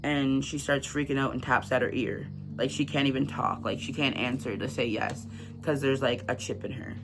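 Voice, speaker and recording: Gravelly-voiced man recapping a book. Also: medium pitch, steady tone, normal speed. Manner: chatty, filler-heavy retelling with frequent "like". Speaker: book channel host. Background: background music.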